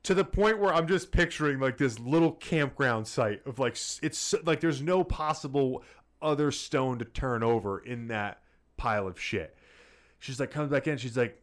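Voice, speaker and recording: A man co-hosting a casual podcast chat, telling a profane, animated story. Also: medium pitch, normal speed. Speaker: podcast co-host.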